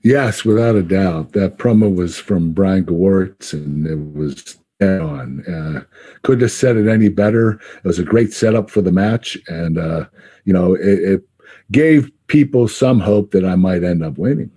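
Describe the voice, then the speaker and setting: A middle-aged man in a casual podcast interview, talking haltingly with many fillers and frequent laughs. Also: deep voice, warm tone, husky. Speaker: guest recalling his wrestling career.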